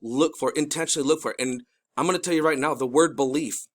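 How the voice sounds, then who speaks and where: A middle-aged man hosts a video, giving casual commentary that sounds urgent and pleading. His fairly high voice moves quickly, rambling with many restarts and excited bursts.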